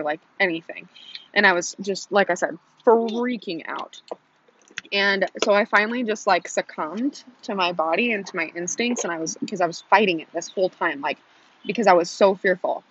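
A woman's voice: lowish voice, fairly quick, a bit bright, lo-fi sound. A young woman telling her viewers a personal story in a casual, chatty way, with lots of "like" and acted-out quotes. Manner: chatty, frequent "like", acts out quotes. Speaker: vlogger.

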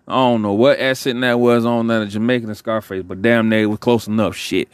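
A man hosting a podcast, rambling in relaxed slangy talk as he signs off. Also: medium pitch, moderate pace, smooth, no echo, clean studio sound. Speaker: podcast host. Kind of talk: casual podcast sign-off.

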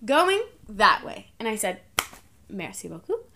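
A young woman co-hosting a podcast, telling a travel story in a casual, animated way and acting out the dialogue. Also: medium pitch, a little slow, vocal fry. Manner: animated storyteller, acts out dialogue, laughs often. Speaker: podcast co-host.

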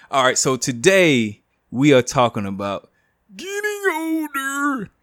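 A man's voice: mid-range voice, animated, unhurried, fairly bright tone, dry recording, studio quality. A man in his late thirties hosting a podcast in a laid-back, joking way, talking plainly about faith and family. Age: 30s. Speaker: podcast host. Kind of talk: casual chat.

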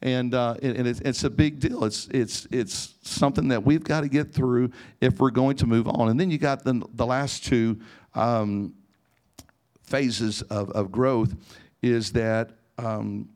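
A man's voice: medium pitch, fairly even intonation, a little slow, a little mellow. A man preaching a sermon, telling personal stories and acting out conversations with frequent restarts. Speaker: pastor.

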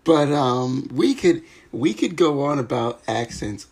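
A woman with an extremely low, gravelly voice hosts a podcast. She speaks slowly and huskily, playful and eager, leaning on fillers. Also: lively intonation, a little mellow. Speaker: podcast host. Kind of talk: casual chat.

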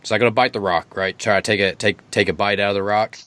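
A man putting on a boastful living stone statue of a wrestling star, all bluster and third-person bragging. He is easily spooked. His voice sits on the low side. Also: fairly even intonation, quick pace, fairly bright tone, no echo, lightly acted. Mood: nervous.

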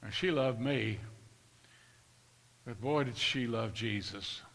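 A man's voice: medium pitch, slow pace, vocal fry, fairly bright tone. Older male preacher, reverberant hall. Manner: storytelling, building to impassioned rhetorical questions. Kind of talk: sermon.

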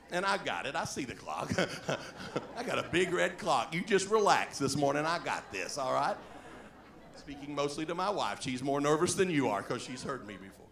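A folksy preacher spins a yarn from the pulpit, laughing often and shouting at times. His voice runs high with a gravelly rasp and a bright edge. The sound rings through an echoey church sanctuary. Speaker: pastor. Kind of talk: storytelling sermon.

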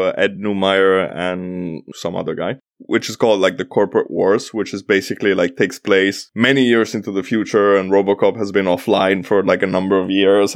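Guy from italy co-hosting a podcast, kinda low voice, rambles with lots of likes, dry close sound. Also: dry recording. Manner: rambling, lots of fillers, easily sidetracked. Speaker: podcast co-host. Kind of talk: casual podcast chat.

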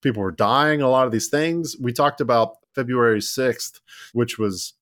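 A man's voice: mid-range voice, normal speed, fairly bright tone, no echo, studio quality. A man co-hosting a casual history podcast, rambling with many fillers and restarts. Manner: rambling, lots of "like" and restarts, laughs at ironies. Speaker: podcast co-host.

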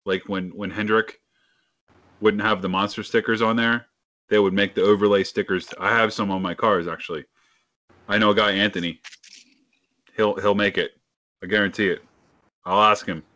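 Brash Philly-accented man, bright voice. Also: fairly low pitch, steady tone, moderate pace, long pauses, no echo, muffled recording. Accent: Philadelphia. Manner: brash, joking, swears freely. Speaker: podcast co-host. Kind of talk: casual sports chat.

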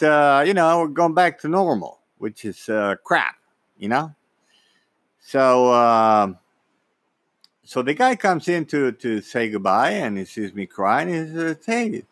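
Slow, lively-voiced man telling a story. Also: fairly high pitch, dry recording. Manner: halting, repeats words, acts out quotes. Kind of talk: personal anecdote, casual monologue.

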